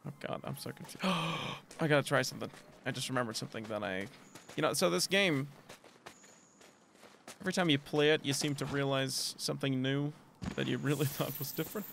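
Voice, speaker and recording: A man streaming a game, talking to viewers in an excitable way, shrieking and swearing at surprises and cooing at cute creatures. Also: mid-range voice, brisk, gravelly, slight background noise. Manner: coos affectionately at game creatures. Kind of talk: live gameplay commentary. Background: game music.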